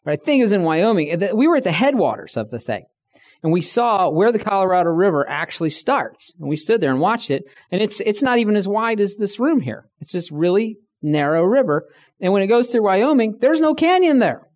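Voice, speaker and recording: A man's voice: high-pitched, sing-song, a little fast, darkish tone. A middle-aged man giving a conversational talk to a room, telling stories and acting out the people he quotes. He says he is tired. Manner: conversational storytelling, acts out quoted voices. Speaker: speaker.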